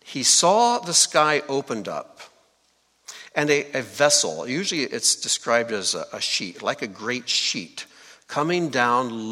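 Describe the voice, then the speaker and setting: Lively preacher in a reverberant hall. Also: male voice, medium pitch. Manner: lively, asks the congregation questions. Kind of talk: sermon, teaching scripture.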